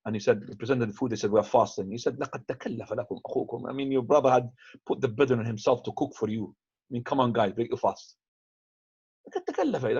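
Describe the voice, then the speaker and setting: A man's voice: mid-range voice, a little mellow, breathy edge. A man teaching in a casual, conversational way, mixing in Arabic phrases and restarting his sentences. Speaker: teacher answering questions. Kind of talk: lecture with questions. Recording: dull, lo-fi upload.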